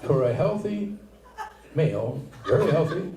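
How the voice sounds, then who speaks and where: Older male stand-up, slow and rambling, restarts often; recorded far off in a roomy hall. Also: fairly high pitch, big pitch swings, crowd noise. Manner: halting, rambling delivery with many restarts. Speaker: stand-up comedian. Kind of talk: stand-up set. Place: comedy theater stage, live audience. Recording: echoey room, far from mic, noisy.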